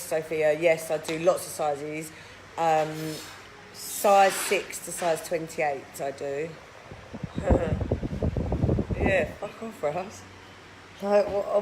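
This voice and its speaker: Brief: woman in her thirties, live stream host, blunt and mocking, casual swearing, noisy background. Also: fairly low pitch. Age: 30s. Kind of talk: live video chat reading viewer comments.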